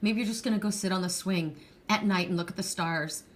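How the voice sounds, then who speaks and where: A woman's voice: lowish voice, fairly quick. A middle-aged woman giving a heartfelt, rambling pick-a-card reading, tearful at times. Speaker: tarot card reader.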